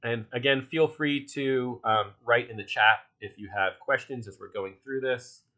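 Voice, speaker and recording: Bright-voiced man with a Philly accent. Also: mid-range voice, a little slow. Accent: Philadelphia. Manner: chatty, loose, many fillers and restarts. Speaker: workshop instructor. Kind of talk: casual online workshop talk.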